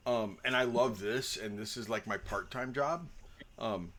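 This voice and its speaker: A man's voice: mid-range voice, a little slow, fairly bright tone, slight background noise. A man talking casually as dungeon master before a tabletop game, rambling and joking with lots of ums.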